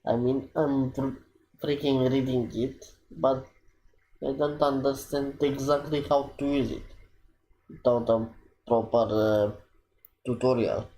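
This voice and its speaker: A man giving casual gameplay commentary, hesitant and thinking aloud with many pauses. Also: medium pitch, fairly even intonation, dark tone, a little hiss or hum. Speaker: gaming streamer.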